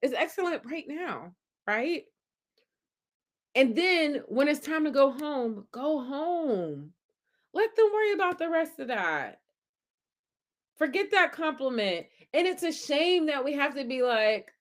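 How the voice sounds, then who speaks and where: A high-pitched young woman speaks slowly while reading her live chat as a podcast host. Hosting a casual stream, she cheers on commenters in an animated, affirming way that hypes them up.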